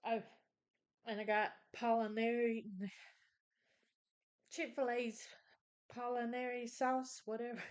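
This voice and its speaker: A woman's voice: on the high side, fairly even intonation, slow pace, pauses often, smooth. An older woman, chatting casually to her viewers in an eating vlog, saying y'all a lot. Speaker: mukbang vlogger. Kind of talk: casual chat to camera.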